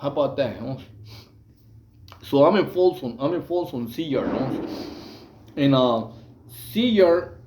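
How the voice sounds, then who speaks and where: A man's voice: mid-range voice, expressive, measured pace, long pauses, reverberant, background noise. A man from Mexico, casually telling prison stories in a rambling way, full of fillers, restarts and slang. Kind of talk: casual storytelling monologue.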